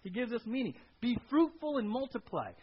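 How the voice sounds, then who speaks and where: A pastor with a very high, sing-song voice and a breathy edge preaches a little fast, chatting with his audience through questions and adding "right?" to his points. The sound is dull and lo-fi.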